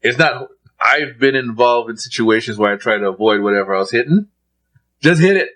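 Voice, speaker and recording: A man's voice: mid-range voice, a little fast, pushed and bright. A man in a casual chat among friends, insistent and emphatic, with laughs in between. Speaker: podcast co-host.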